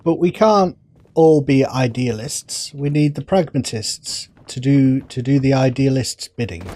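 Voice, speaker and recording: Chatty, husky-voiced man playing a game. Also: medium pitch, unhurried, dark tone. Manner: chatty, jokey. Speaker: let's play host. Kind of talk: casual gameplay commentary.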